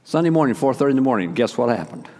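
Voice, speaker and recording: A pastor telling a personal story in a sermon, acting out each quoted exchange. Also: male voice, medium pitch, rapid-fire, slight background noise. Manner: animated storyteller, acts out quoted dialogue. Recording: long reverb of a large hall.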